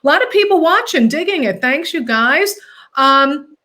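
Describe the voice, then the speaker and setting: A woman's voice: sits high, expressive, moderate pace, pushed and bright. Joking, chatty woman host. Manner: joking, chatty, full of fillers. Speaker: talk show host. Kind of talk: casual chat with plugs.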